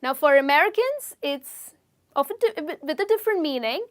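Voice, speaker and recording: High-voiced woman teacher. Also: animated, normal speed, fairly bright tone. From India. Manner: chatty, explains with stories and frequent "okay?" check-ins. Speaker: English teacher. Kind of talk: explaining slang in a video lesson.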